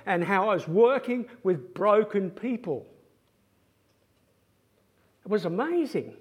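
Male preacher, high voice, swoops wildly while telling anecdotes. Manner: animated anecdotal storytelling. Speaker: former pastoral care pastor. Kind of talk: sermon-style talk.

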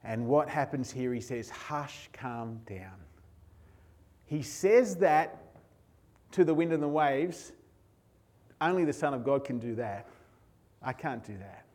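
A man preaching a sermon as pastor, emotional, moving between hushed and raised passages. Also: medium pitch, animated, a little slow, pauses often.

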